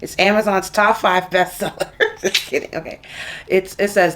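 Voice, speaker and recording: A woman co-hosting a book vlog in a husky morning voice, playful and often laughing. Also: mid-range voice, fairly even intonation, moderate pace, a bit bright. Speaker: book vlogger, co-host. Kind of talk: casual chat.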